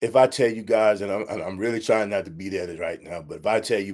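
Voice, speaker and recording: Heartfelt, low-voiced man telling a story. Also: fairly even intonation, fast, hardly any pauses, a little mellow. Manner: heartfelt, repetitive, addresses listeners directly. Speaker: podcast host. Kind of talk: emotional personal storytelling.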